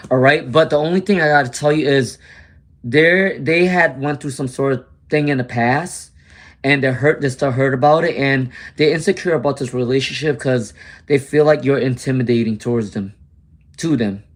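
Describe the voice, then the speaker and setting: Chatty man reading tarot live. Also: mid-range voice. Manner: chatty, answers viewers by name, mutters while searching. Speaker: tarot reader hosting a live stream.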